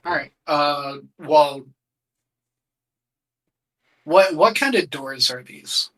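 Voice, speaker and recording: A man's voice: a little high, animated, drawn-out words, pushed and bright, rough recording. A man playing a tabletop game, easygoing and planning his moves aloud with small restarts. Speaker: player. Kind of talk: casual tabletop game play.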